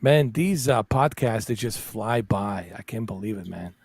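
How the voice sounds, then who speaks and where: Gravelly-voiced man joking on a podcast. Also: on the low side, lively intonation, measured pace, a little mellow, no echo. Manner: joking, exclamatory, rambling. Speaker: podcast host. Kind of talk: casual podcast chat.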